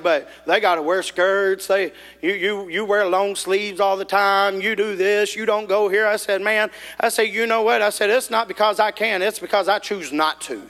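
Male preacher, bright and forceful tone, folksy and animated, recorded in a reverberant church hall. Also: high-pitched. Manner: folksy, animated, rises to shouting. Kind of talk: sermon storytelling.

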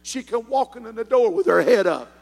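An older man with a Southern US accent preaching a sermon in a folksy storytelling manner that builds into fervent shouting. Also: extremely high pitch, lively intonation, brisk, gravelly. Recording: long hall reverb.

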